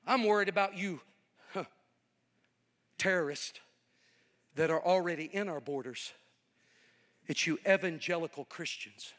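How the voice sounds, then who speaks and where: A man's voice: sits high, measured pace, long pauses, fairly bright tone, long reverb tail, voice pushed down. A preacher voicing an angry, contemptuous male atheist passenger who rants and growls. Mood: ranting.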